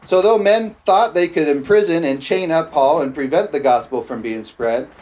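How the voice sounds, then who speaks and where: A man preaching a lively sermon, often calling out "amen?" and joking with the congregation. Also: a little high, normal speed. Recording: dull lo-fi sound with faint background noise.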